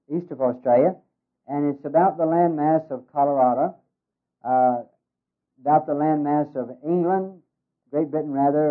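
A man giving a humorous talk as a ministry worker, in a folksy way with many hesitations. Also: medium pitch. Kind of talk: humorous speech with jokes. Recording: tinny phone-like radio recording.

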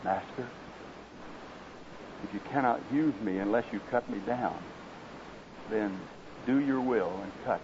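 A man voicing a humble, devoted male bamboo tree that speaks softly and tremblingly. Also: mid-range voice, normal speed, gravelly, natural voice. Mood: hushed. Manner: soft, hushed and trembling. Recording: slightly dull with faint hiss.

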